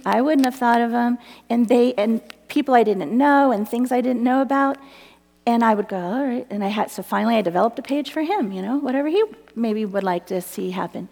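A woman's voice: fairly high pitch, brisk, big-room sound. A woman giving a personal testimony talk at a church gathering, telling her story earnestly and acting out the voices in it. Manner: earnest, animated storytelling with laughs and acted quotes. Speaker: speaker at a church women's gathering.

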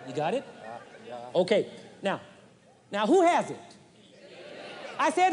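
High-voiced preacher in a reverberant arena. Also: male voice, slow, pauses often, a faint crowd. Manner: folksy, animated preaching with acted-out demonstrations. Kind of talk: sermon. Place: large arena. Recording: 1980s live arena recording with long reverb.

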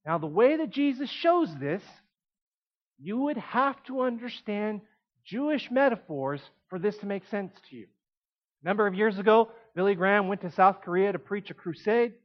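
Animated high-voiced male preacher. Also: normal speed, lo-fi sound. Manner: animated, mimics people in quotes, shifts between quiet and emphatic. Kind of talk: sermon.

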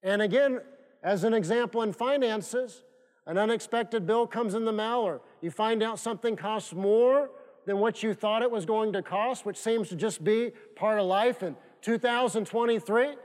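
Preaching in a church sanctuary at a moderate pace, this male pastor has a high-pitched voice. His repetitive, emphatic delivery uses call-and-response prompts to get the congregation answering. The church hall's long reverb is audible.

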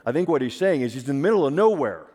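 A man's voice: medium pitch, big pitch swings, very fast, darkish tone. Man preaching in a reverberant hall. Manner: conversational storytelling with rhetorical questions. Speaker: pastor. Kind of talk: sermon. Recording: long reverb of a large hall.

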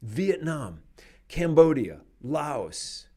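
Animated man talking with lively pitch. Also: very slow. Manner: animated, emphatic, laughs between points. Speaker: podcast host. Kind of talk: conversational commentary.

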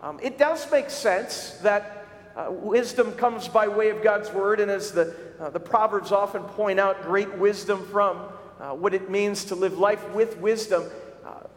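A male pastor preaching a sermon, telling stories with animated shouts for emphasis. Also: sits high, measured pace. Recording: echoey hall recording.

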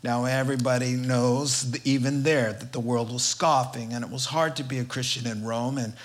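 A man's voice: mid-range voice, fairly even intonation, moderate pace. A man preaching a sermon, telling a story with emphasis and building repetitive rhetorical lists.

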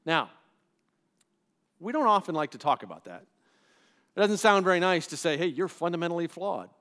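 A man's voice: high voice, sing-song, moderate pace, bright, forceful tone. A middle-aged man preaching a sermon in a conversational way, acting out the voices he quotes. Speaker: pastor.

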